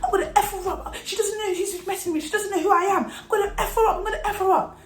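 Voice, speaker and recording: A raging teenage schoolgirl bully shrieks her threats, high and loud, as a young woman puts her on. The voice rings out in a roomy, echoey space. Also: rapid-fire, far from the mic. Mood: threatening. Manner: shrill, shouting threats.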